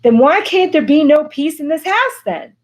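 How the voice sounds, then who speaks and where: A woman's voice: on the high side, animated, moderate pace, darkish tone, breathy edge, pitched above the performer's own voice. A woman reading the part of a restless, frustrated young husband, in agitated, impatient outbursts.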